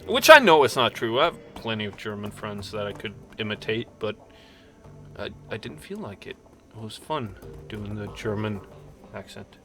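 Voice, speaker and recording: A man's voice: fairly low pitch, very animated, normal speed, pushed and bright, faint music behind. A man hosting a casual game stream, rambling with lots of fillers and poking fun at himself while reading game text aloud. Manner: rambling, self-mocking, many fillers. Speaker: streamer host.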